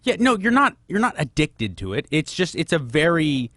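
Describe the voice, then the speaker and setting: A man's voice: on the high side, sing-song, moderate pace, a bit bright, no room sound, studio quality. A man hosting a call-in radio advice show, giving frank advice and firing off probing questions. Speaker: radio host.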